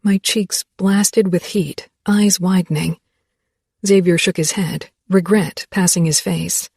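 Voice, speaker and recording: Husky-voiced woman narrating a romance. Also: fairly low pitch, steady tone, slow, darkish tone, dry recording, studio quality. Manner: wry, snarky and playful. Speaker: audiobook narrator. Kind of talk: first-person romance narration.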